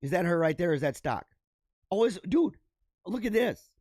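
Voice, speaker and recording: Man, show host, casual news riffing, laughs a lot, talks to viewers, slightly high voice, dry close recording. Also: animated, normal speed, darkish tone, no echo. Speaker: podcast host. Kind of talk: casual commentary reading news stories.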